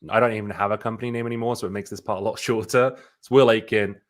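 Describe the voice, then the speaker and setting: A man who is a sales expert, quickly demonstrating his cold call opener in an offhand way. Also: fairly low pitch, steady tone.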